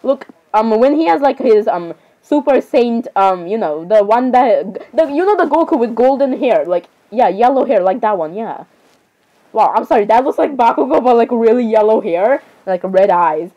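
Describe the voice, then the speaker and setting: A woman's voice: on the high side, animated, normal speed, warm tone, highs cut off. A teenage girl casually reacting and commenting, rambling and saying sorry over and over with giggles. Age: teens. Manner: chatty, rambling, keeps apologizing with giggles.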